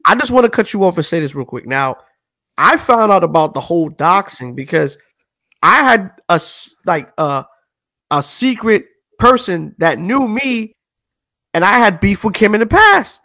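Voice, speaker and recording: Lively high-voiced podcast host, dry sound. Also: male voice, dry recording. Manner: reactive, quick interjections. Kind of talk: casual podcast chat.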